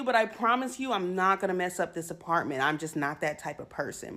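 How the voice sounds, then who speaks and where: A woman's voice: lowish voice, a little fast, few pauses. A woman telling a story in a casual rant about a surprise fee, acting out what she and the property manager said. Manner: animated, acts out both sides of the exchange. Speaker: tenant ranting about her landlord.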